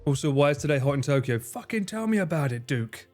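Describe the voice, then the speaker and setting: A man's voice: on the high side, animated, fast talker, darkish tone, faint music behind. A man hosting a casual livestream, reading viewer messages with lots of swearing and self-mocking jokes. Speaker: livestream host.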